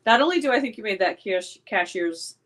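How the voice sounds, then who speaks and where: A woman co-hosting a podcast, chatting casually and warmly teasing her friend. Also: medium pitch, lively intonation, fairly quick. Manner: playful, teasing, encouraging. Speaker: podcast co-host. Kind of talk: casual chat.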